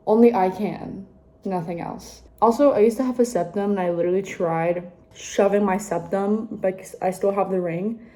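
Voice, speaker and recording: A young woman in her twenties chatting casually to camera in a vlog, self-mocking and often dropping into soft asides. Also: mid-range voice, moderate pace. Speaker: vlogger. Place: on the move, home, train and hotel room.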